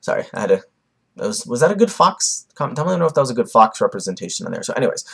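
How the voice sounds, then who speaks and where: A man's voice: mid-range voice, very animated, very fast, gravelly, fairly bright tone, breathy edge. A young man giving casual, rambling commentary on a comic chapter, with many fillers and restarts. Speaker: manga reviewer.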